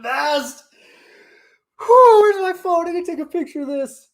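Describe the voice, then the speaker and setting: A man hosting a casual live stream, talking in an excitable, rambling way full of "like". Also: extremely high pitch, a little slow, long pauses. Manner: excitable, rambling, heavy use of "like". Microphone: streaming setup on camera.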